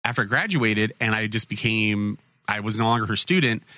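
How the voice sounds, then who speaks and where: A man's voice: fairly low pitch, a little fast, pushed and bright, dry recording. A man hosting an anime podcast, telling rambling stories and swearing casually. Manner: rambling, profane storytelling. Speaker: podcast host. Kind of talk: casual chat.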